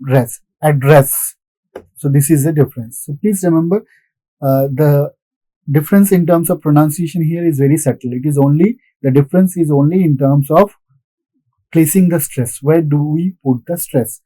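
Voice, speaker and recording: A man's voice: on the high side, normal speed, dark tone, no room sound, rough recording. A man giving a recorded lesson, patiently repeating points and answering his own questions. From India. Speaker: English lecturer. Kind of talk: recorded classroom lecture.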